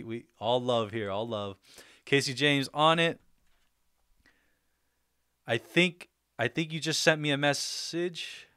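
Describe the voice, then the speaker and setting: Upbeat young dude on a livestream shouting out chat, smooth voice, dry sound. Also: male voice, mid-range voice, no room sound. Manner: upbeat, laughs often, shouts out viewers. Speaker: livestream host. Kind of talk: casual livestream chat, reading viewer comments.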